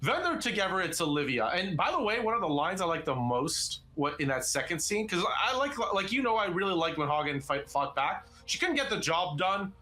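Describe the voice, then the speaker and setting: A man's voice: high-pitched, big pitch swings, brisk, few pauses, bright, forceful tone. A young man co-hosting a live stream, chatting casually and rambling with many fillers and restarts. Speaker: co-host of a live interactive show.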